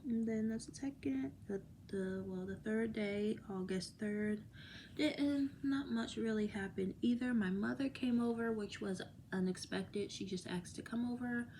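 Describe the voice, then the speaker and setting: A woman's voice: on the high side, a little slow, warm tone, slight background noise. A woman talking casually to her viewers in a rambling vlog, laughing often and sometimes dropping to a whisper. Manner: drops to a whisper at times. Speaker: vlogger. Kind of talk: casual chat to camera.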